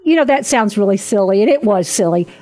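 A woman hosting a Christian talk show, telling stories in a chatty, animated way with frequent laughs. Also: medium pitch, quick pace, soft background music. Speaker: host.

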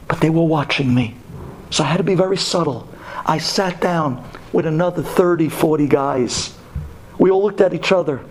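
A man from Brooklyn tells a religious story with plenty of feeling. His voice sits a little high for a man, and he moves between near-whispers and loud, half-sung lines. It has the sound of a radio talk show. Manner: dramatic, swings from hushed to loud and sung.

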